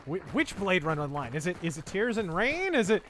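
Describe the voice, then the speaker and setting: A man's voice: high-pitched, big pitch swings, fairly quick. Profane man streaming a game, noisy line. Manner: profane, blunt, laughs easily. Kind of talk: casual live-stream chat while gaming.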